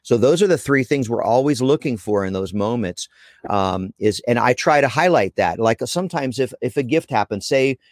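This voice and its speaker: A man's voice: mid-range voice, expressive, moderate pace, no echo. Rambling man on a dry podcast mic. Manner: rambling, self-correcting, joking. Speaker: guest speaker. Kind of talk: casual podcast conversation.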